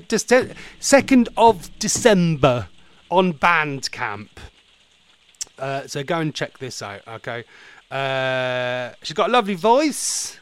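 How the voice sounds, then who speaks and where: A man hosts a laid-back radio show, rambling and joking as he goes. His pitch jumps about with animated swings and sits a little high for a man. He slips easily into playful, theatrical asides. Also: smooth. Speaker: radio host. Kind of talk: casual radio chat.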